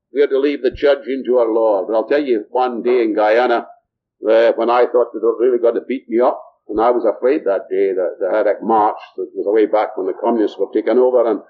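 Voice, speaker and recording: An older man from Scotland preaching a sermon, often asking his listeners rhetorical questions. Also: medium pitch. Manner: rhetorical, asks the audience questions. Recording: muffled lo-fi recording.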